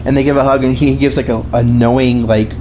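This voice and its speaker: Rambling man with a dark, mellow voice. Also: mid-range voice, little pitch movement, a little fast, a little hiss or hum. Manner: rambling, many restarts and fillers. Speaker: podcast co-host. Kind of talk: casual film discussion.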